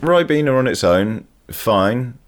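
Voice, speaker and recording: A man hosting a podcast, relaxed and agreeable, thinking aloud in casual chat. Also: mid-range voice, measured pace. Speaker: podcast host.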